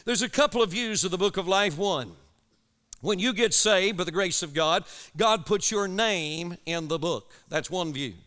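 A man's voice: sits high, moderate pace, fairly bright tone. A man preaching an urgent, impassioned sermon to young people at a camp. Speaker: evangelist preacher.

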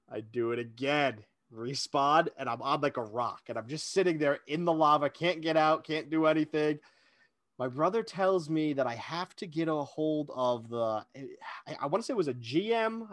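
A man's voice: fairly high pitch, fairly bright tone, no echo. A man co-hosting a casual chat, telling a long self-deprecating story with lots of energy. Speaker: podcast co-host.

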